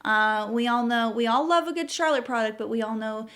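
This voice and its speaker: A woman's voice: on the high side, brisk, a bit bright. A young woman chatting to camera in a casual beauty review, enthusiastic and gushing about her favorite products. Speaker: beauty vlogger.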